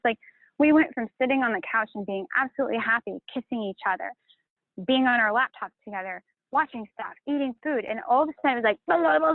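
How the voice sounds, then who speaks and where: A woman with a fairly high voice pours out her feelings, swearing often and circling back on her words. The sound is thin and phone-like, with no room around it. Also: no echo. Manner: emotional, profane, rambling. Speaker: channel host. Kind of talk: emotional confessional chat. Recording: tinny phone-like line, dry.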